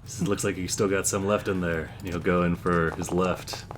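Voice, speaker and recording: Deep flat-voiced calm man. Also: normal speed, very noisy. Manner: calm, matter-of-fact. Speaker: player. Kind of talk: casual tabletop play.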